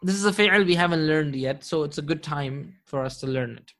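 A man's voice: fairly high pitch, fairly quick, fairly bright tone. A man teaching an Arabic grammar class live online, patient and encouraging, often chuckling.

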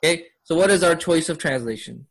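A man with a fairly high voice teaches a class on Quranic Arabic. He keeps quizzing his students and laughs often as he goes. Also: brisk, vocal fry. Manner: asks students questions, upbeat with laughs. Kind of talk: classroom lesson.

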